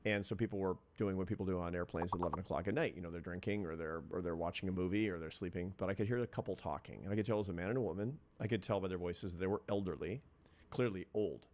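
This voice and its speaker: Deep-voiced middle-aged man telling his story. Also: very fast, darkish tone, slight background noise. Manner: earnest, reflective, builds points step by step. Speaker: interview guest, social scientist. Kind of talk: reflective storytelling in an interview.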